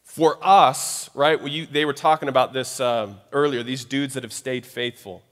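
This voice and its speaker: A man preaches to his congregation in a loose, conversational way, often stopping to check in with the crowd. His voice sits at an ordinary middle pitch. The sound carries a long reverb from a large hall. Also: steady tone, normal speed. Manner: conversational preaching with frequent asides. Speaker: pastor. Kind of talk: sermon.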